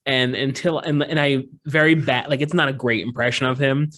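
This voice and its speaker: A man's voice: medium pitch, fairly even intonation, moderate pace, fairly bright tone. A man co-hosting a true crime podcast, chatting casually and rambling with jokes and fillers. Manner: rambling, joking, lots of fillers and restarts. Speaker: podcast co-host.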